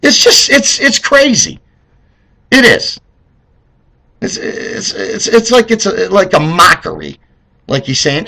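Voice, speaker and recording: Gravelly, animated ranting American man. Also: high voice, moderate pace. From United States. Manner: heated, rambling, sarcastic. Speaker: political vlogger. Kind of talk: ranting vlog monologue.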